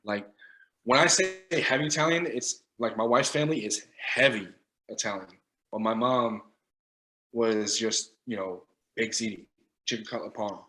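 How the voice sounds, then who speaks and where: A man from Long Island, a guest cook, talking in a relaxed, easygoing way in a casual chat. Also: on the low side, moderate pace, low-quality recording.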